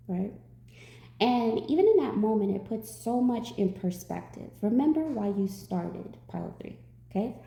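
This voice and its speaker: Woman, tarot reader, storyteller; dark gravelly voice, roomy sound. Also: medium pitch, moderate pace. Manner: animated storytelling, acts out quotes. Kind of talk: storytelling to viewers.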